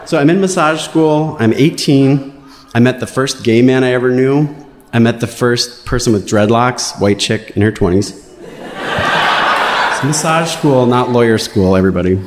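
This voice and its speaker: A man's voice: mid-range voice, moderate pace, a little hiss or hum. Wry male storyteller in an echoing hall. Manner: wry, animated, playing quotes in raised voices. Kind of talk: live personal storytelling. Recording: roomy hall reverb.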